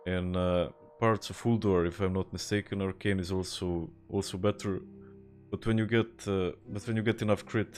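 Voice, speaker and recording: A young man from Serbia with a Serbian accent, chatting casually on a game stream, laid-back and swearing, reading and answering viewer chat. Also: low voice. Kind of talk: casual live-stream chat while gaming.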